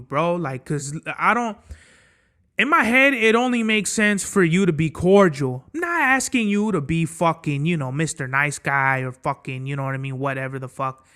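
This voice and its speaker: A man's voice: a little high, animated, moderate pace, pushed and bright. A young man hosting his own podcast, telling a vacation story in a casual, blunt and heavily profane way. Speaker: podcast host.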